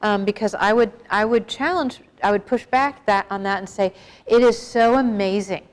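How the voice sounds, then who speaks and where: A woman's voice: mid-range voice, moderate pace. Frank middle-aged woman talking to a group. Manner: conversational, asks the audience questions; frank, plain-spoken. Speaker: guest speaker on suicide prevention. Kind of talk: informal talk to a live group.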